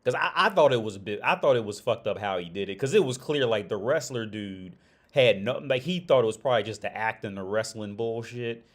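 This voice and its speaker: A man's voice: on the low side, lively intonation, brisk. A man hosting a casual livestream chat, rambling and profane, with lots of restarts and frequent laughter. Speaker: livestream host.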